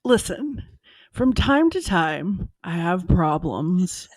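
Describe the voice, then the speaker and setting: A woman's voice: lowish voice, very animated, slow pace, a little mellow, dry recording, studio quality. A woman co-hosting a podcast in casual chat, sounding sick, playful and enthusiastic. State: sick, lowered voice. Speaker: podcast co-host.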